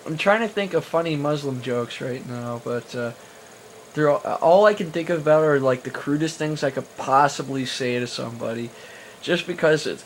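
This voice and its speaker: A man's voice: medium pitch, slight background noise. Rambling young man with a handheld camera. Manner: rambling, hesitant, with many fillers and restarts; self-mocking, crude humor. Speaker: vlogger answering viewer questions. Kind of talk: casual Q&A vlog talk. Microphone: handheld camera mic.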